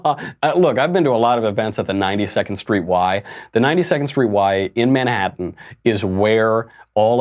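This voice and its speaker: Sarcastic lower-voiced male commentary host. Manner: sarcastic, mocking; laughs between points. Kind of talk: political commentary monologue.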